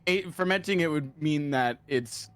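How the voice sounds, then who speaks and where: A man's voice: on the high side, normal speed, smooth. A man from the United States joking and teasing his friends in a casual gaming chat. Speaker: streamer.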